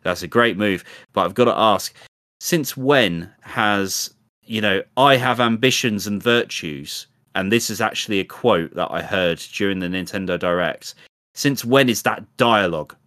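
Brief: young British male co-host, lowish pitch, dry close sound, animated casual chatter. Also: moderate pace, dry recording. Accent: British English. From Britain. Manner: animated, mocking impressions. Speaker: podcast co-host. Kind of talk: casual chat.

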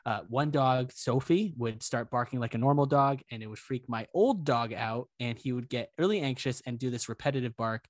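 A man's voice: medium pitch, normal speed, hardly any pauses, no room sound. A young man co-hosting a podcast, telling a story in casual chat, acting out the people in it. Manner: animated, acts out quoted voices, swears casually. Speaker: podcast co-host.

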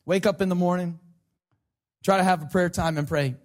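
A man's voice: high voice, fairly even intonation, normal speed. A man preaching a sermon in a conversational, sarcastic way, teasing everyday prayer habits. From United States. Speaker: pastor.

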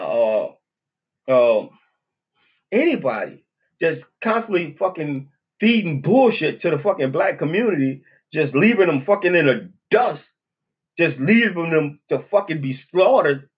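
On his podcast, a man with a New Orleans accent rambles alone in a casual monologue, blunt and cursing, with "you know what I'm saying" over and over. His husky voice sits a bit high, and the recording sounds lo-fi and dull.

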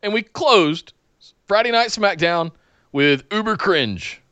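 A man's voice: high voice, animated, slow, pushed and bright, no echo. A man co-hosting a wrestling podcast in casual chat, exasperated and given to sighs. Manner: exasperated, sighing, dramatic mock reactions.

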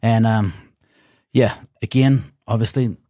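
A man, a strongman telling his competition story in an interview, animated and swearing often. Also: lowish voice, slow pace, dry recording, studio quality. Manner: animated, swears often, acts out his own past thoughts. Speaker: guest, strongman athlete.

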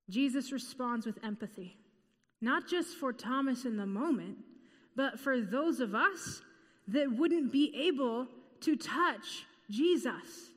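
A woman preaching a sermon in an earnest, measured way, repeating key phrases. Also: high voice, big-room sound.

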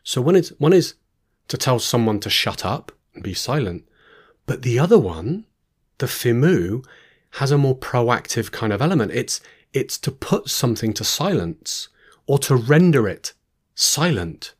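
A man's voice: medium pitch, sing-song, a little slow, breathy edge. A man giving a Bible teaching, reading verses aloud and then explaining them with informal asides and restarts. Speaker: preacher.

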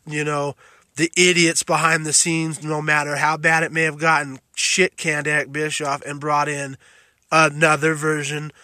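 A man's voice: a little high, bright, forceful tone, no room sound. A man hosting a solo podcast, ranting heatedly with constant swearing. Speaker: podcast host.

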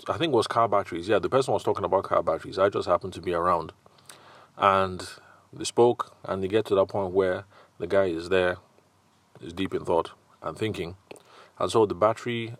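A man's voice: sits low, brisk, no echo. A man with a Nigerian accent hosting a solo sales podcast, talking conversationally and acting out quoted customers and salespeople. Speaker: podcast host and sales consultant.

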